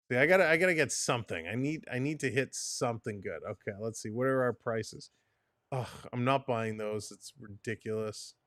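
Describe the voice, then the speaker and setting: A man hosting a live stream, chatting casually and venting his frustration out loud. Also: medium pitch, dry recording, clean studio sound. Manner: frustrated, exasperated, talks to himself and chat.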